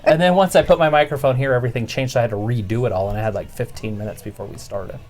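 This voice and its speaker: A man's voice: mid-range voice, fast, a little mellow. A man co-hosting a casual wrestling watch-along stream, talking through his audio setup and reacting to matches, recorded on a studio mic with a pop filter. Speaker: stream co-host.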